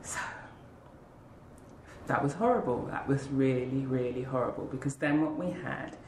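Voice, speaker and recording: A woman's voice: extremely low pitch, normal speed, a little mellow, slight background noise. A woman guest in an interview, earnestly telling a heartfelt personal story and acting out the voices of people she quotes. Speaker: interview guest, school leader. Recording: roomy echo.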